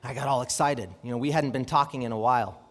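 A young man preaching a sermon, reading scripture and telling a personal story, with lively rhetorical questions. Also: mid-range voice, fast talker. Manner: animated, asks rhetorical questions, reads scripture aloud. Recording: long hall reverb.

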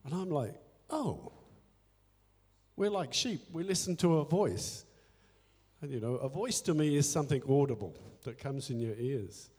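A man's voice: a little high, lively intonation, normal speed, darkish tone, slightly rough. A man speaking in a church service, candidly telling a personal story of faith with quoted inner dialogue and self-deprecating humor. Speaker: church elder. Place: church hall. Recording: echoey hall with faint music.

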